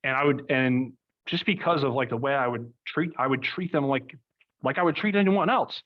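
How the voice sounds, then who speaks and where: A man's voice: mid-range voice, normal speed. A young man, a podcast guest, rambling through casual stories with lots of fillers and asides. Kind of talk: casual conversation. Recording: slightly muffled recording.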